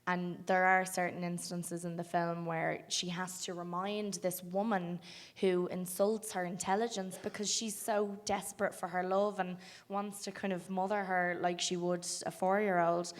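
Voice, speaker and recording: A young woman with an Irish accent, an actress chatting thoughtfully in an interview, with frequent pauses and ums. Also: on the low side, level tone. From Ireland. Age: young adult. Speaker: film actress guest. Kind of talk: casual interview chat.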